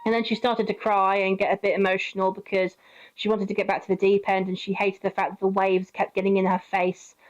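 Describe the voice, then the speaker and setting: A young woman at a middle pitch telling a casual storytime vlog. She rambles and swears with easy laughter, and her voice comes through dull and lo-fi. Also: little pitch movement, brisk. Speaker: vlogger.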